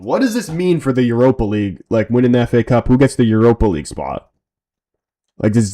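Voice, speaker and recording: A man's voice: mid-range voice, big pitch swings, a little fast, warm tone. A man streaming a football watch-along, mixing casual chat with live play-by-play, tired from little sleep, loose and slangy.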